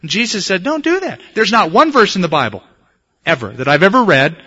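A male pastor delivers a conversational sermon, weaving in stories and pushing into emphatic peaks. His voice sits a little high and sounds bright and forceful. The recording is dull and lo-fi, like an old church tape. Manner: conversational preaching with anecdotes, rising to emphatic bursts.

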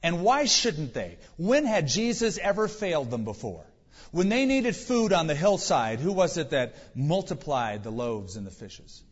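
A man's voice: a little high, very animated, unhurried, breathy edge. A male pastor preaching a sermon, driving points home with emphatic rhetorical questions. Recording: dull reverberant hall recording.

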